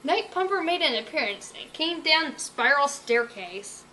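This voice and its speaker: A woman reading a children's storybook aloud, her high voice bright and full of lively rises and falls. The narration is expressive throughout, over a faint background hiss. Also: moderate pace, poor audio.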